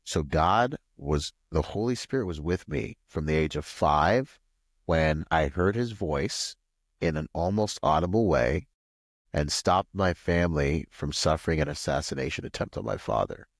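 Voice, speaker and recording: A man from Washington State, a podcast guest, telling a long personal story in a rambling, animated way full of "like" and "you know.". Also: normal speed, gravelly, no echo, studio quality. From Washington State, USA. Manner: acts out quoted voices with pitch jumps. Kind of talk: casual storytelling interview.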